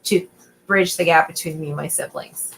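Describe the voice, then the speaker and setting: Young woman guest, lively storyteller, casual chat, acts out voices. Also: sits low, normal speed, creaky, slight background noise, poor audio. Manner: animated storyteller, acts out quotes. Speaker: podcast guest. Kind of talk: casual late-night chat.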